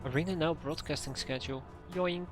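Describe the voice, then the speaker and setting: A man playing a role-playing game on stream, reading the narration aloud and adding dry, sighing asides. His voice sits a touch high for a man, with faint game music running underneath. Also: a little fast. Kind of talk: casual gameplay commentary reading game text aloud.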